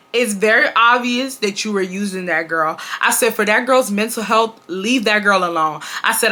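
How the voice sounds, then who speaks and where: A woman in her twenties from Houston, telling a storytime to her viewers in a casual, animated way and acting out the quoted dialogue. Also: medium pitch. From Houston, Texas. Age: 20s. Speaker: storytime vlogger.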